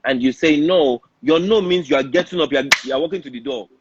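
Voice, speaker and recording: A man's voice: a little high, fast talker, muffled recording, noisy background. A man with a Nigerian accent talking earnestly as a podcast guest, often repeating words as he presses a point. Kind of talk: candid podcast discussion.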